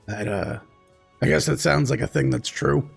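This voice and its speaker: A man's voice: mid-range voice, moderate pace, gravelly, slightly rough, faint music behind. A man voicing a brash, teasing green-skinned ghoul man in a tabletop game. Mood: cocky banter. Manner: cocky, teasing.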